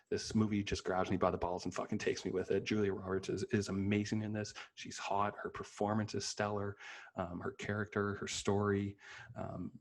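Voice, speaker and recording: Low-voiced man rambling casually, profane and eager. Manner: loose, profane, enthusiastic with many fillers. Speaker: podcast host reviewing films. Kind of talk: casual spoken review.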